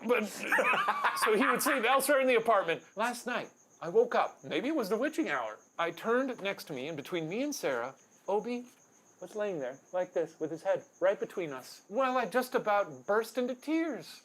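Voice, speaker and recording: Tipsy man with a lively, teasing voice. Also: high voice, moderate pace. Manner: joking, teasing, dry asides. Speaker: co-host reading viewer stories. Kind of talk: casual banter, reading stories aloud. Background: background music.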